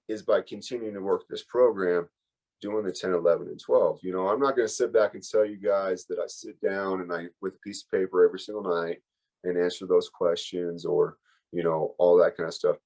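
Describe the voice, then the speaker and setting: A man's voice: low voice, fairly even intonation, brisk, darkish tone, rough recording. Candid, emotional man sharing his story. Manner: candid, emotional, rambling with fillers. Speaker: workshop speaker. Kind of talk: personal recovery share.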